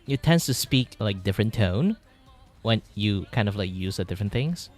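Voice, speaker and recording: A man with a Malaysian English accent chats casually on a livestream, rambling with lots of fillers. His voice sits a bit low but swings about lively. Soft music plays faintly underneath. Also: moderate pace. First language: Mandarin. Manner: rambling, filler-heavy, shifts voice register to demonstrate. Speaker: vtuber streamer. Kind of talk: casual livestream chat while drawing.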